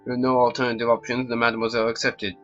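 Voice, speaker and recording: A man voicing a suave, theatrical male fox con artist with a smooth, grandly dramatic delivery, in a game. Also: mid-range voice, completely flat delivery, racing, a bit bright, lo-fi sound, soft background music, natural voice. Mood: storytelling.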